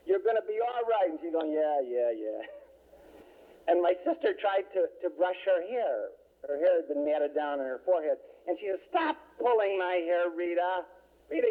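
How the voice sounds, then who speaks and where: A middle-aged man, a priest, telling an emotional story at a conference workshop, with pauses and restarts. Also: fairly high pitch. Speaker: priest giving a workshop talk. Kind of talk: recorded conference talk. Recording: tinny old cassette recording.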